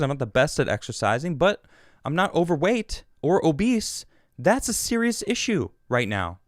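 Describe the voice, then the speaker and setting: A man's voice: fairly high pitch, dry recording, studio quality. A man hosting a podcast, giving casual, sarcastic commentary on news clips and reading quotes aloud to mock them. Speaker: podcast host.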